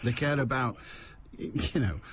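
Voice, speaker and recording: A man hosts a radio phone-in, giving blunt and emphatic opinions. His pitch rises and falls widely, and a faint ambient hiss sits under his voice. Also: expressive, measured pace.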